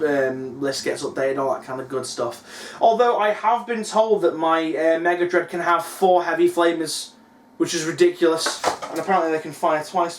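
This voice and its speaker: Rambling guy vlogging in an echoey room. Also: a little high. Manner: rambling, chatty, swears casually. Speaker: hobby YouTuber. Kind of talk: casual vlog chat. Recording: roomy echo.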